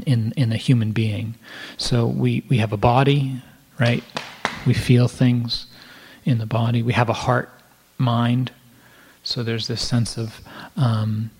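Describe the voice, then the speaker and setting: A man teaching meditation, giving a reflective talk to people in a room, often restarting his phrases and dropping into soft asides. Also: mid-range voice, slightly rough. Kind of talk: dharma talk to a live audience. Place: room with a live audience.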